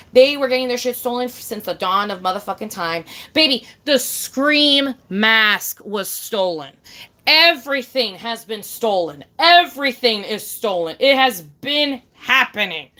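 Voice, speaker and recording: Profane ranting woman, higher voice. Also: bright, forceful tone. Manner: profane, emphatic, repeats herself, calls listener babe. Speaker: vlogger. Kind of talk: casual rant to camera.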